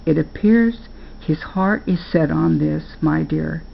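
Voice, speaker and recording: An older woman voicing a calm, gentle old grandfather who speaks soothingly and patiently. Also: deep voice, takes it slowly, vocal fry, muffled recording, slight background noise, heavily acted.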